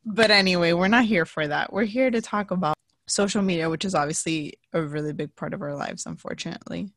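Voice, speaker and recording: A woman's voice: on the low side, brisk, fairly bright tone, no room sound, studio quality. A young woman from the southern United States co-hosting a podcast, chatting casually and laughing often. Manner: chatty, laughs often, drops to a murmur at times. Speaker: podcast co-host. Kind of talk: casual chat.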